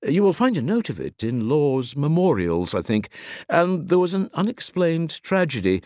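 A man doing an eager, excitable bookish editor. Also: on the high side, normal speed, no echo, clean studio sound, pitched above the performer's own voice. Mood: excited.

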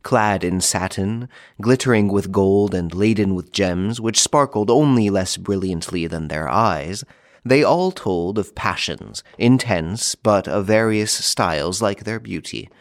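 A man reads an old novel aloud in a measured, formal way. His voice sits very low, and the recording is dry and close with no room sound. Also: no echo. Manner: measured, formal literary reading. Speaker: audiobook narrator. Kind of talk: scripted narration.

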